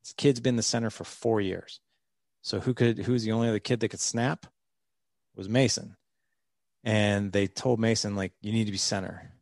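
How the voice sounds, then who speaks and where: Podcast guest, man, 40s, low gravelly voice, earnest and rambling with restarts. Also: fairly even intonation, normal speed, a little mellow, no room sound, clean studio sound. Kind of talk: candid interview storytelling.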